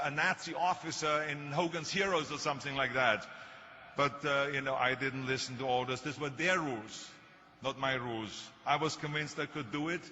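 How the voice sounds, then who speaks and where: A man's voice: mid-range voice, pushed and bright, slight background noise. An older man with a German accent giving a motivational speech, telling stories in an emphatic, self-mocking way. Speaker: motivational speaker. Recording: long hall reverb, faint ambience.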